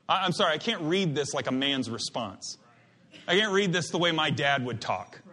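Bright-voiced animated preacher. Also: male voice, a little high, normal speed. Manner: animated, digressive, emphatic with many restarts. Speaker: pastor. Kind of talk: sermon.

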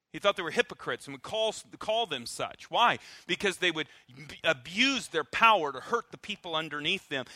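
A man preaching a sermon. He is emphatic and animated, uses dry humor, and swings from loud stresses to soft, low endings. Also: dry recording. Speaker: pastor.

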